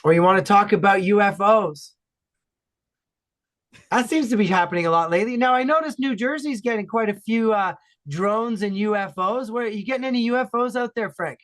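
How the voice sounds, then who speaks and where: Man, from Ontario, high voice, loud and enthusiastic, casual podcast chat. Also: fairly quick. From Ontario, Canada. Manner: enthusiastic, animated, loud talker. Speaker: podcast guest.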